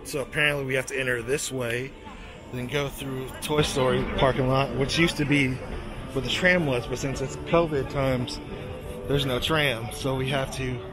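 A man filming a casual vlog, gushing and excitable as he keeps calling out to his viewers, first in a car and then walking outdoors. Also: mid-range voice, moderate pace, over music. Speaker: vlogger. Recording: loud traffic noise behind a handheld camera. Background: loud vehicle and outdoor ambience.

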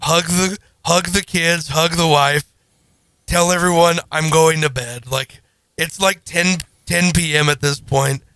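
Man telling a story, bright and dry. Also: fairly high pitch, a little slow, clean tone, no room sound. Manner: animated, self-deprecating, acts out his own panic. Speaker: podcast co-host. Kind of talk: casual storytelling.

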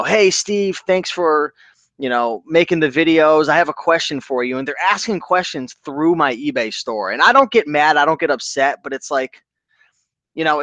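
A man's voice: fairly high pitch, no room sound. A man hosting a casual live stream, chatting loosely and reading out viewers' comments with lots of enthusiasm. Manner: animated, reads out viewer comments and shouts them out. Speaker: host of a reselling live stream.

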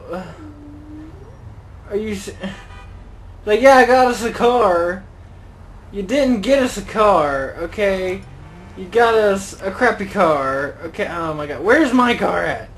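A man's voice: high voice, lively intonation, takes it slowly, fairly bright tone, soft background music, poor audio. Rambling young man narrating gameplay. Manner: rambling, jokey, exclaims and mutters to himself. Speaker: gaming channel host. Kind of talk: casual gameplay commentary.

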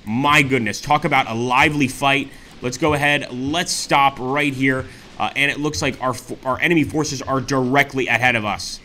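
A man hosting a let's play, commenting excitedly on a strategy war game and often exclaiming to his viewers. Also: mid-range voice, normal speed, a little hiss or hum. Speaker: gaming channel host.

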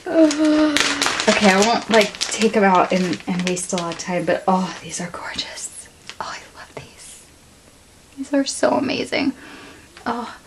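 A woman's voice: mid-range voice, background noise. A woman in her thirties unboxing a craft package at home, gushing with gasps and breathless exclamations. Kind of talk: excited unboxing chat. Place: home room.

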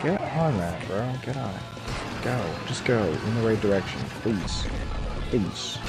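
A low-pitched man gives excitable commentary as he plays a video game, dropping to mutters and then shouting. His delivery is animated and lively. Loud game music plays behind him. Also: unhurried. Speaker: gaming YouTuber. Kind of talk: casual let's play commentary.

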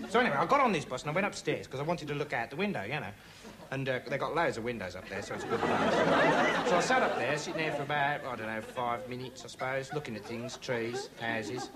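In a TV studio before a live audience, with laughter and noise around him, a man plays a dim young would-be investigator delivering a rambling comic monologue to camera. His medium-pitched voice, close to an everyday one, is very animated and brisk, and his earnest, meandering talk is full of "like" and "right."

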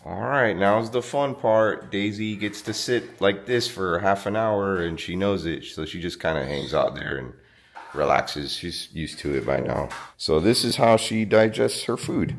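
A man vlogging casually outdoors on his small farm, chatting to the camera and talking to his animals in a high coaxing voice. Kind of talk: casual vlog chat.

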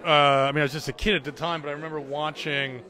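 A man in his fifties from Provincetown, answering interview questions in an animated, chatty way. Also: on the high side, quick pace. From Provincetown, Massachusetts. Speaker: film cast or producer.

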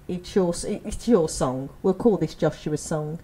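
A woman's voice: lowish voice, unhurried, few pauses, warm tone, breathy edge. Chatty, teasing woman radio presenter. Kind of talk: casual radio chat. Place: local radio studio.

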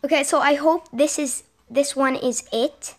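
Excitable high-voiced young girl gamer. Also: a little slow. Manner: excitable, repeats exclamations. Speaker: gaming vlogger. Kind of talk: excited gameplay commentary. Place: home with a sibling gaming nearby.

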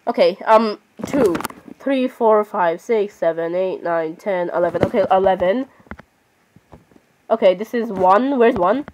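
A woman's voice: mid-range voice, measured pace, darkish tone, slight background noise. A woman giving casual gameplay commentary, chatting on and arguing with herself, often breaking off to apologize. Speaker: gaming channel host.

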